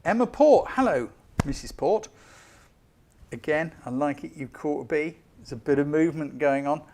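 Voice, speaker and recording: A man giving a live-streamed photo critique as a photography tutor, chatty and enthusiastic, hurrying along with quick apologies. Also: fairly high pitch, animated, warm tone, a little hiss or hum.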